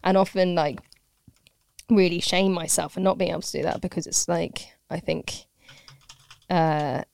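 A woman's voice: fairly low pitch, steady tone, normal speed, vocal fry, darkish tone, dry recording. A woman who teaches pottery, chatting casually as a podcast guest in a rambling, self-deprecating way with frequent laughs.

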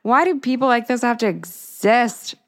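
A woman's voice: fairly high pitch, lively intonation, moderate pace, no echo, studio quality. A woman co-hosting a podcast, reacting with gasps and exclamations in casual chat. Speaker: podcast co-host.

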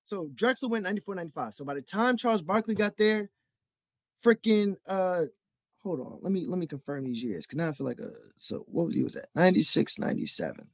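A man's voice: sits high, sing-song, fast, dry recording. A young man hosting a solo sports podcast, rambling and getting heated, full of "like" and "bro". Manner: rambling, heated, repeats himself with lots of "like" and "bro". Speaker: podcast host. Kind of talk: solo sports talk rant.

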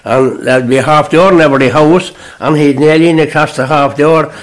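A man's voice: a little high, normal speed. Older man reminiscing, trailing off. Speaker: interviewee recalling rural life. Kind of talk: conversational reminiscence.

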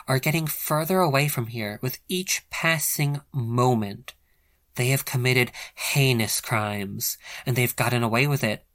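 A man's voice: mid-range voice, a bit bright. A man voicing Genevieve, a stately wolf leader. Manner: grand, solemn speech-making. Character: female wolf pack leader, stern and commanding.

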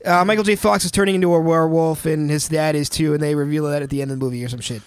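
A man's voice: a little high, fairly even intonation, very fast, smooth, no echo. A man co-hosting a casual chat, rambling and swearing as he guesses at film plots. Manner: rambling, profane, unsure guesses. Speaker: podcast co-host.

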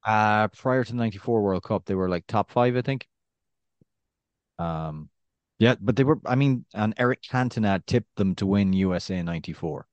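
A man's voice: lowish voice, moderate pace, dry recording, lo-fi sound. Rambling Irish man, dry close mic. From Ireland. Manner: animated, rambling with restarts and acted-out anecdotes. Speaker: podcast co-host. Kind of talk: casual chat.

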